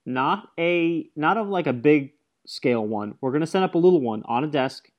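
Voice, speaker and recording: A man co-hosting a laid-back podcast, with a voice pitched a little above usual. He chimes in with quick agreement and talks in a relaxed, chatty way. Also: muffled recording. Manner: agreeable, backs up co-host with quick yeahs. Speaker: podcast co-host. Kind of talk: casual recap chat.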